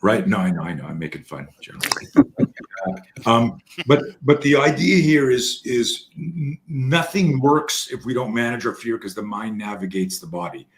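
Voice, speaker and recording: A man's voice: medium pitch, normal speed, few pauses. A man, a guest fear-management trainer, telling long anecdotes in casual talk with many restarts and fillers. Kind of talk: casual storytelling.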